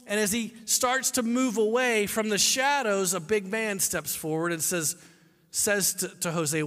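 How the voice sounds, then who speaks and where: A man's voice: high voice, fairly even intonation, a little slow, fairly bright tone. A man preaching a sermon, telling a story dramatically and acting out the people in it. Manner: dramatic storytelling, acts out voices. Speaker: pastor. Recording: long hall reverb.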